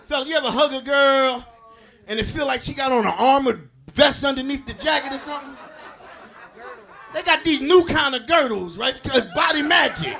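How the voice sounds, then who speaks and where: A man doing a stand-up comedy set for a live audience, shouting his punchlines, laughing at his own jokes and calling out to the crowd. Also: very high-pitched, normal speed. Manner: talks straight to the crowd, calls out to them.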